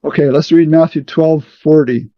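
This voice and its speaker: A man leading a scripture study, explaining verses deliberately and checking in with "okay" often. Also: on the high side, steady tone, no echo. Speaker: Bible study leader. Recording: muffled, dry sound.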